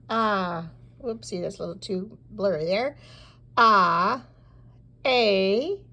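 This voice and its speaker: A woman teaching a recorded beginner language lesson, modeling short phrases slowly and pausing so learners can repeat. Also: fairly high pitch. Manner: slow, deliberate model phrases with pauses for repeating. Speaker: Spanish teacher.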